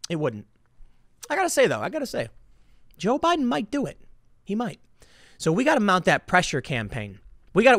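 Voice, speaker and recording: A male commentator talking through the news in an emphatic, opinionated vlog. His voice sits high and swings widely in pitch, and it has a bright, forceful edge. The sound is dry and close to the mic. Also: no echo. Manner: animated, emphatic, repeats words. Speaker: political commentator.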